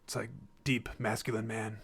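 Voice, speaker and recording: A man's voice: fairly low pitch, flat delivery, normal speed, fairly bright tone, breathy edge. A young man talking casually on his own about a film, rambling and joking, often correcting himself. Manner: rambling, jokey, self-correcting. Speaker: podcast host reviewing films. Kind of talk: casual solo film review podcast.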